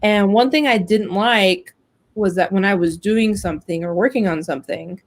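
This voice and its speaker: A woman's voice: mid-range voice, normal speed, low-quality recording. A woman hosting a casual web talk show, telling a long story about job hunting, chatty and full of fillers. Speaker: host. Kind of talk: casual chat.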